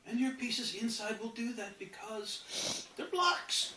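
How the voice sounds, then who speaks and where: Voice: mid-range voice, animated, takes it slowly, few pauses, bright, forceful tone, roomy sound. A self-help teacher talking through a method in a casual lesson, acting out inner voices and often asking "right?", recorded on a distant mic with background noise.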